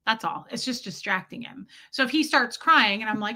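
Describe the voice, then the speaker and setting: A woman in her forties talks straight to her stream chat, blunt and unfiltered as she tells stories and reads out comments. Her voice is bright and sharp, and it sits a touch high. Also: expressive, normal speed. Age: 40s. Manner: frank, blunt storytelling with quoted voices. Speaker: live streamer. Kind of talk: casual livestream chat reading comments.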